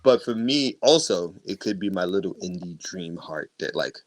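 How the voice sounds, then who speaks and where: A man co-hosting a wrestling podcast in casual chat, animated and quick to swear and laugh. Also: low-pitched, no echo. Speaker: podcast co-host.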